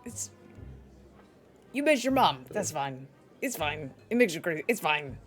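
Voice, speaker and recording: A woman's voice: low voice, very animated, unhurried, faint music behind. A woman player speaking in character in a tabletop game, awkward and dryly comic.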